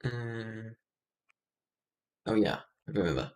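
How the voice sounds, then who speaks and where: A man's voice: lowish voice, takes it slowly, darkish tone. A man thinking aloud while building in a game, mumbling and self-deprecating, in casual gameplay commentary. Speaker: streamer.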